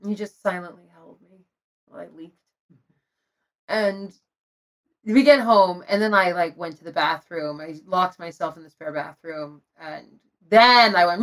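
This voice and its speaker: A woman's voice: lowish voice, moderate pace, fairly bright tone. Candid woman telling a personal story. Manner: emotional, confessional, laughs between lines. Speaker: guest telling her love story.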